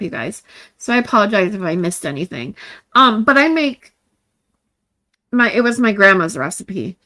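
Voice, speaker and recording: A woman's voice: medium pitch, sharp tone. A woman live-streaming in casual chat, rambling and chatty with a stuffy nose. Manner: rambling, chatty, with frequent restarts. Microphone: streaming mic.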